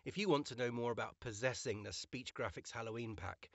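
A man's voice: mid-range voice, fairly quick, dry recording, muffled recording. A man reading a scripted promotional voice-over in a playful, theatrical manner. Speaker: ad narrator.

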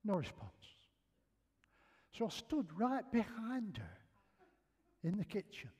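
A man's voice: sits high, wildly swooping pitch, slow pace, slightly rough. Older Northern English man telling jokes from the pulpit. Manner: chatty, self-mocking, acts out shouted lines. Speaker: preacher. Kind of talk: humorous sermon storytelling. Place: church hall.

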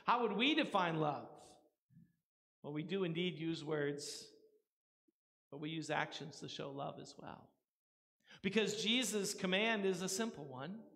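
A man preaching a sermon as pastor, earnest, rising for emphasis and dropping to a hush. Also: on the high side, animated, a little slow, vocal fry, long pauses. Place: church sanctuary. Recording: long church reverb.

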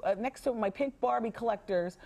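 A woman's voice: a little high, a little fast, creaky, a crowd in the background. A woman who hosts her own talk show, chatting as a guest in a TV news studio, emphatic and opinionated with a playful edge. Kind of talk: casual studio chat.

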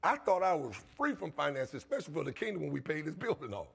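A man's voice: on the high side, big pitch swings, quick pace, creaky, slightly rough. A man pastor, preaching a passionate sermon in his church with call-and-response and repetition. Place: church sanctuary.

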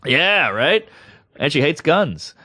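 A man co-hosting a podcast, telling a comedic story in a casual, animated way and acting out the voices of the people in it. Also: on the high side, takes it slowly. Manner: animated, acts out quoted voices. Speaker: podcast co-host.

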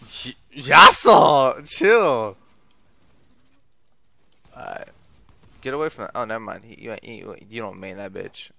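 A young man giving profane play-by-play while gaming, muttering low and then yelling and trash-talking his teammates. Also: expressive, unhurried, vocal fry, long pauses, dry recording. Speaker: gamer streaming his play. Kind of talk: profane gameplay commentary.

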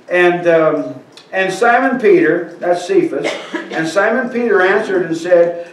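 Speaking a little slowly, this man's voice sits high and is expressive as he delivers a sermon as a pastor. He reads scripture and asks the congregation questions, heard from a distance in the echoing church sanctuary.

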